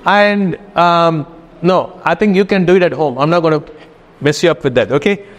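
A man's voice: fairly high pitch, normal speed, in a large hall. A man teaching a Greek class, giving instructions and often checking in with his students. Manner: instructive, keeps checking in with "okay?". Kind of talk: classroom lesson.

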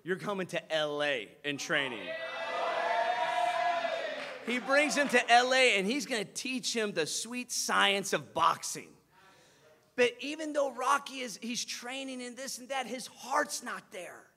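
A male preacher telling a movie story in an animated sermon, acting out the scenes. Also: very high-pitched, a little slow, gravelly, very noisy. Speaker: pastor.

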